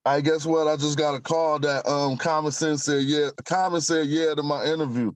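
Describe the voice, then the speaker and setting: A man hosts a casual chat over a video call, his voice sitting a little high for a man. He talks in an easygoing, slangy way and keeps the conversation rolling. The sound is close and dry, with no room around it. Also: fairly even intonation, normal speed, no room sound, faint music behind. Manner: laid-back, talkative, slangy. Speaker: host of a video call show.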